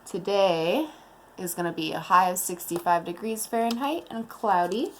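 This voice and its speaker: A woman teacher leading a morning meeting lesson, explaining slowly and calmly to young children. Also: mid-range voice, slight background noise. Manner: slow, calm and deliberate, explaining to young children.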